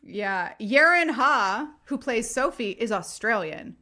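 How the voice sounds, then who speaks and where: A woman co-hosting a romance podcast, talking in a chatty, animated way and swearing freely. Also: a little high, slow. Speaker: podcast co-host. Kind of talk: casual chat.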